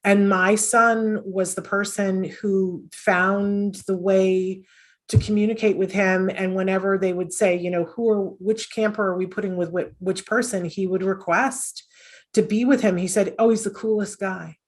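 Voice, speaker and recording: A woman's voice: medium pitch, steady tone, moderate pace. A middle-aged woman talking earnestly as an interview guest, with many fillers and restarts. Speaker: podcast host and autism mom, guest. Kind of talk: conversational interview storytelling.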